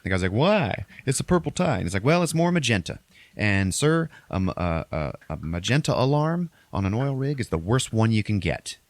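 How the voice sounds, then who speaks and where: A man hosts a podcast, retelling a movie plot in loose, profane chat and briefly acting out characters in exaggerated high voices. His voice sits low. The sound is dry and close, with no room around it. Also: sing-song, brisk, no echo. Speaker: podcast host recapping a movie. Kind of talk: casual chat.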